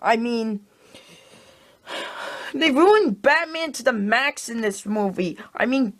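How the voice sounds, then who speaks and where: A woman's voice: high-pitched, lively intonation, takes it slowly, pauses often, a bit bright. A woman ranting in a casual movie review, exasperated and repeating herself. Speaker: video reviewer.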